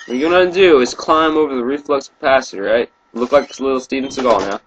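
A man's voice: mid-range voice, fast talker, highs cut off, slight background noise. A man joking and teasing as a co-commentator on a video game playthrough. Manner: joking, goofy asides, swears. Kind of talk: casual gaming banter.

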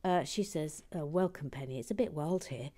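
A woman hosting a livestream and chatting casually as she builds and reads viewer messages aloud. She often drops into soft, whispered asides and is chatty, self-deprecating and full of restarts. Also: low-pitched, moderate pace, a little hiss or hum. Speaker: livestream host.

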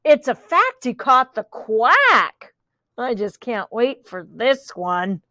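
A woman reads a children's picture book aloud in a high voice that leaps all over the place. She takes her time, stopping for chatty asides and playful sound effects, in a dry, close sound. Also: sing-song, takes it slowly, pushed and bright, no room sound. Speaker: storybook reader.

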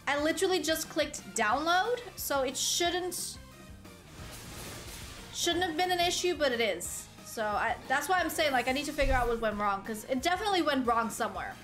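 A woman's voice: sits high, animated, normal speed, fairly bright tone, soft background music. A woman giving casual gameplay commentary as a streamer, rambling, correcting herself and talking to her chat. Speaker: gaming streamer.

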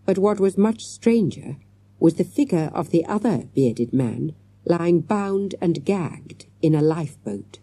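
A woman reading a children's story aloud as an audiobook, in a lively, expressive way. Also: on the low side, unhurried, husky, no room sound. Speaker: audiobook reader. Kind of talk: scripted children's story narration.

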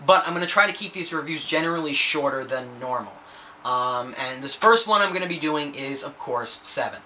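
A man's voice: on the high side, animated, fairly quick, bright, forceful tone, a little hiss or hum. A man hosting a casual movie review vlog, talking enthusiastically and rambling with lots of restarts and repeated words. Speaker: movie reviewer, channel host.

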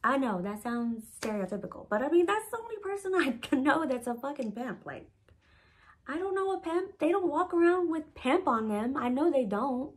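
Woman telling a storytime, animated and profane. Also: sits high, normal speed. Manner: animated, profane, heavy use of "like". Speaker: storytime vlogger. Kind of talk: casual storytime.

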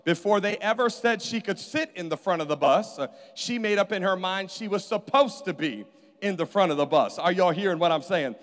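High-voiced preaching pastor in a hall. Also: male voice, moderate pace, fairly bright tone. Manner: call-and-response preaching, urging the congregation. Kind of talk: sermon. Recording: hall reverb.

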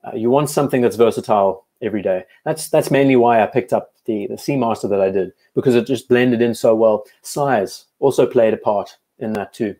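A man's voice: medium pitch, a little fast, hardly any pauses, mellow. A South African man hosting a casual live stream, reading out viewer comments and chatting enthusiastically with frequent restarts.

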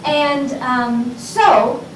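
A woman's voice: high voice, very slow. Chatty woman in her sixties, echoey room. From Texas, USA. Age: 60s. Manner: chatty and rambling, talks directly to the audience. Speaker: college instructor giving a talk. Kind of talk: informal public lecture. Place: college lecture room. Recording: echoey room, distant mic, background noise.

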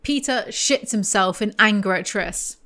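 A woman's voice: mid-range voice, measured pace, a bit bright, faint music behind. A woman hosting a book commentary video, reading passages aloud with sarcastic asides and the odd stumble.

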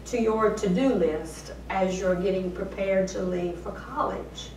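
A woman preacher voicing a gentle, encouraging father talking to his teenage daughter in a sermon story. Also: mid-range voice, unhurried, slight background noise, close to an everyday voice. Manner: warm, fatherly coaxing. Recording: roomy sound, voice from far off.

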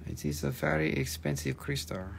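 Gravelly, joking man selling crystals. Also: low voice, very animated, moderate pace, a little hiss or hum. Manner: joking, profane, rambling. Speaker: live-stream crystal seller host. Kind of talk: casual live sales stream.

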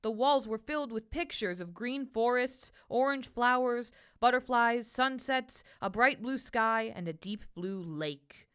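A woman reading a children's picture book aloud, with gentle, expressive storytelling. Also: fairly high pitch, measured pace, hardly any pauses, clean tone.

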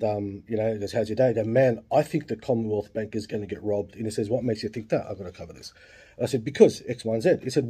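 A man's voice: mid-range voice, mellow, slightly rough. A man in his late forties with an Australian accent, telling a long story casually, swearing freely and full of asides.

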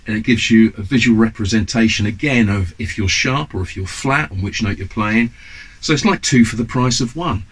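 A British man in his fifties, a guitar teacher, gives a chatty, enthusiastic lesson to camera, full of ums and asides. His voice sits fairly low. The recording is low quality, with slight background noise.

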